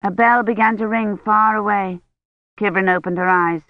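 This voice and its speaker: A woman narrates a novel in a measured, even way, keeping her storytelling steady and clear. Her voice sits in a middle register. The recording is muffled and lo-fi and has a dry, close sound with no room around it. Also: mid-range voice, no echo. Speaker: audiobook narrator. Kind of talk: scripted narration. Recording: dull, lo-fi, dry.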